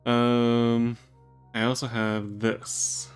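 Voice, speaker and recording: Guy mumbling through a point and click game, slow, faint music behind. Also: medium pitch, level tone, clear, resonant tone. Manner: hesitant, mumbling, laughs to himself. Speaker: let's play gamer. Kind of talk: casual gameplay commentary.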